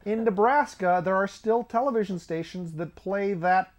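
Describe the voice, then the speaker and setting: A man's voice: high-pitched, normal speed. A man hosting his own comedy show, delivering a rambling monologue with offhand, sardonic asides and chuckling at his own jokes. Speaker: host.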